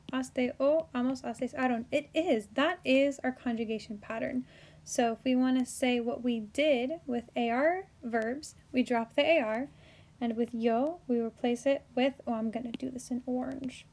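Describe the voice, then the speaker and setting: A woman teaching a recorded Spanish grammar lesson, spelling out endings carefully, with playful asides and quick self-corrections. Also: high-pitched, a little mellow.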